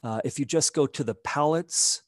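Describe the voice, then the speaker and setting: A man teaching a live digital painting demo, explaining his steps in a relaxed way as he works. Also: on the high side, moderate pace, dry recording, clean studio sound. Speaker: art instructor.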